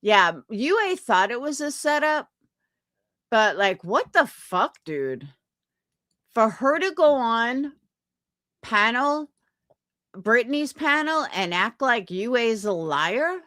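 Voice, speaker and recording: With big pitch swings in a high-ish, slightly bright voice, a young streamer talks slowly to her viewers and reads their comments. She vents in indignant, profane fashion and quotes others in put-on voices, all in echo-free studio-quality sound.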